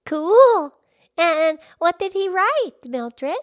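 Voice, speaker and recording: A woman's voice: extremely high pitch, very animated, drawn-out words, dry recording, studio quality, full character voice. A woman voicing a cheerful, enthusiastic pig who hosts a children's educational show. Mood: upbeat. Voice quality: bubbly, enthusiastic. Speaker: show host.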